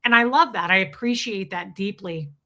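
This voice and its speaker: Woman, bright and forceful voice, blunt, swears freely, casual livestream chat. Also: mid-range voice, moderate pace. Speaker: livestream host.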